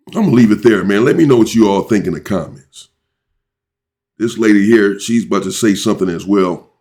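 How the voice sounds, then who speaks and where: A man hosting his own channel, giving heated opinion commentary and reacting indignantly to a clip, his voice climbing high when he gets worked up. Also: fairly quick, darkish tone. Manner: indignant, rising sharply in pitch when worked up.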